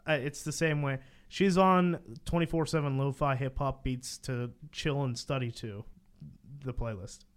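A young man co-hosting a casual podcast, talking lively and listing names quickly. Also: mid-range voice, smooth. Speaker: podcast co-host. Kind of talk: casual chat.

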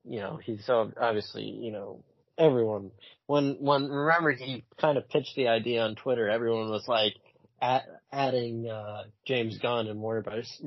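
A man co-hosting a casual podcast, speaking with a husky, breathy edge. He gets animated and blunt, swears freely and restarts his phrases. The sound is dry and a little dull, like a lo-fi home recording. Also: medium pitch, normal speed, no echo. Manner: animated, swears, repeats himself. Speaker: podcast co-host. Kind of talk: casual chat.

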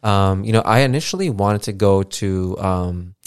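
A lowish, clean-toned male voice at a moderate pace belongs to a podcast host going solo, rambling casually with frequent fillers and some swearing. He records into a studio mic with a podcast mixer, leaving no room sound.

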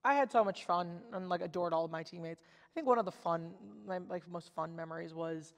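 A woman's voice: fairly low pitch, a little fast, in a large hall. A woman in her twenties, a guest on a casual podcast, talking in a chatty way with lots of "like" fillers. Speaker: podcast guest, former college softball pitcher. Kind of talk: casual chat.

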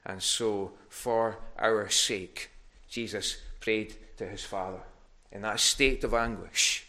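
A man's voice: fairly low pitch, fairly even intonation, slow pace, sharp tone. A man preaching a sermon in a church, earnest and given to restarts, rising in force on his appeals. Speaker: pastor.

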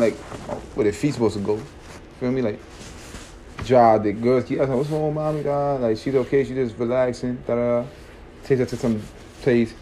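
A man's voice: medium pitch, darkish tone, slight background noise. A man telling a story in a casual, slangy, rambling way, often checking in with his listeners.

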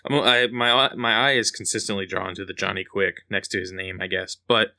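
A man's voice: deep voice, fairly even intonation, a little fast, bright, forceful tone. A man co-hosting a casual comic book podcast, laid-back and chuckling as he jokes. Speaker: podcast co-host.

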